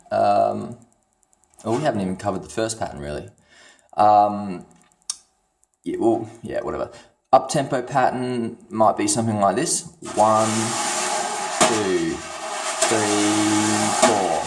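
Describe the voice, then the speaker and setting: A man's voice: on the low side, creaky. A man teaching drums casually, rambling a little and counting beats aloud while he plays. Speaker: drum teacher. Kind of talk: casual demonstration lesson. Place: room with drum kit. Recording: roomy with loud brush noise.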